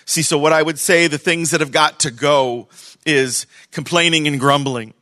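A man preaching a sermon to a church congregation, conversational and animated, swinging between loud emphasis and hushed moments. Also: on the high side, normal speed, no echo. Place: church service.

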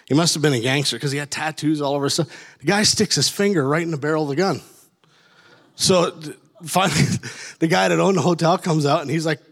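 A man's voice: fairly high pitch, brisk, a bit bright. Middle-aged man telling a rambling personal story. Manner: rambling, many restarts, laughs at his own story. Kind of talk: casual storytelling.

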